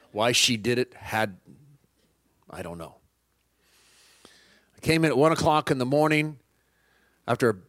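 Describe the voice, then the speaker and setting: A man preaching a personal testimony, telling it as an animated story and acting out both sides of the dialogue. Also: mid-range voice, no echo.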